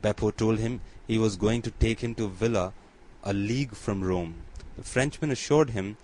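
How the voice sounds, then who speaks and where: A man's voice: lowish voice, normal speed, a little mellow, close to an everyday voice, rough recording. A man voicing a grateful, deferential bandit messenger in an audiobook reading, with faint background noise.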